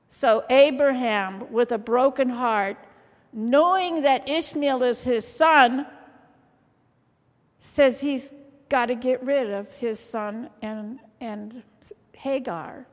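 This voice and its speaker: A woman preaches with a high voice. She talks slowly and keeps turning to the congregation with questions. Her voice rings with the long reverb of a church hall. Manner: lively, asks the congregation questions often. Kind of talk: sermon.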